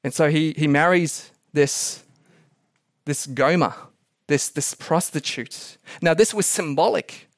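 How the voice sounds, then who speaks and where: High-voiced pastor telling lively stories. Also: male voice, slow, no room sound, clean studio sound. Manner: animated storytelling, chuckling asides. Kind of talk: sermon. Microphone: podcast recording.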